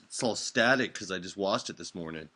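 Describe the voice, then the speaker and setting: Older male host, loose and rambling, bright tense voice, video-call stream chat. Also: deep voice, fairly quick. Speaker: show host. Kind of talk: casual chat.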